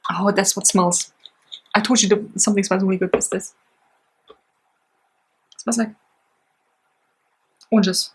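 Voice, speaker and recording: A woman chatting casually and excitedly through a beauty box unboxing, with lots of fillers and gushing reactions. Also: mid-range voice, takes it slowly, pauses often, background noise. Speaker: beauty vlogger.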